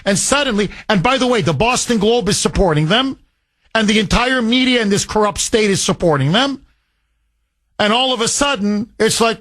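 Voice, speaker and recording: A man's voice: high-pitched, expressive, normal speed, a bit bright, no echo. A male radio talk show host, arguing his point with passion and acting out imagined conversations on a call-in show. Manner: impassioned, argumentative, acts out imagined dialogues.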